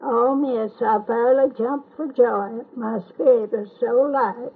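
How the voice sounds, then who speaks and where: An older woman reciting a long poem from memory in a slow, measured, sing-song way. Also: fairly high pitch, steady tone, vocal fry, breathy edge. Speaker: family elder reciting a poem. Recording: tinny lo-fi home tape recording.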